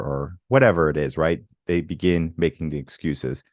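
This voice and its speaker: A man's voice: very deep voice, steady tone, normal speed, no room sound, studio quality. A man hosting a podcast interview, reflecting and telling personal stories in a conversational way. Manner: reflective, storytelling with quoted inner voices. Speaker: podcast host.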